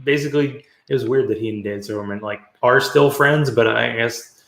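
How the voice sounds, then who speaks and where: A man with a mid-range voice hosts a casual podcast. His voice carries a noticeable room echo. He talks things through in a relaxed, reflective manner. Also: medium pitch, normal speed, gravelly. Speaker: podcast host.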